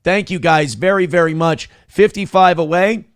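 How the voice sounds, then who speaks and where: A man hosting a morning talk show, riffing crudely and mockingly on news clips with sudden loud outbursts. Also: high-pitched, normal speed, clear, resonant tone, dry recording, studio quality. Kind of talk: casual comedic commentary on news clips.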